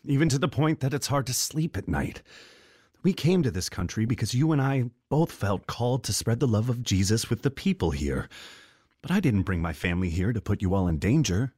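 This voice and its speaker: A man's voice: medium pitch, sing-song, brisk, darkish tone, husky, dry recording, clean studio sound. A man playing an earnest, protective missionary father in a family radio drama. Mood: worried. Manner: earnest, worried.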